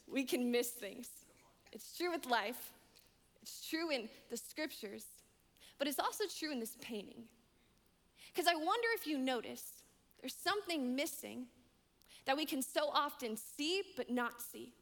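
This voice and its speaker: Woman preaching, high voice, punchy and repetitive, big echoey hall. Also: animated, a little slow. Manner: emphatic, repeats key lines, swings between loud and hushed. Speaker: young adult director preaching. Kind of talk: sermon. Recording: long hall reverb.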